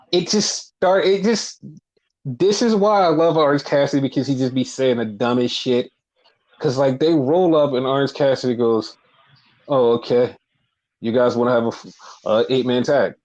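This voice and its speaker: A man co-hosting a casual wrestling recap podcast, blunt and profane, talking in an animated, opinionated way. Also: medium pitch. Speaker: podcast co-host. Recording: dull lo-fi podcast audio.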